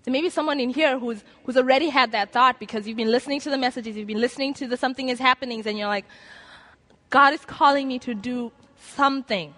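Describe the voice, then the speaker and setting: A woman with a fairly high voice delivers a sermon in an earnest, conversational way. She slips into quoted inner voices as she presses her appeal to the listeners. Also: fast talker, pushed and bright. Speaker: preacher. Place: lecture room before an audience.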